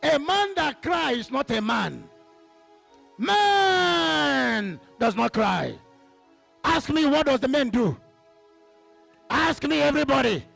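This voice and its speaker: A man with a Nigerian accent preaching a sermon as pastor, calling out to the congregation and breaking into sudden shouts. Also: very high voice, sing-song, moderate pace, creaky, soft background music.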